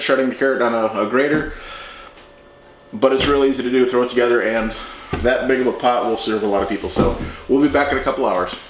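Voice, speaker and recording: A man's voice: medium pitch, noisy background. Chatty man cooking in an echoey kitchen. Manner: relaxed and chatty, talks as he works. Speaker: home cooking show host. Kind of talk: casual cooking demonstration. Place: home kitchen. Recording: echoey kitchen with clattering dishes.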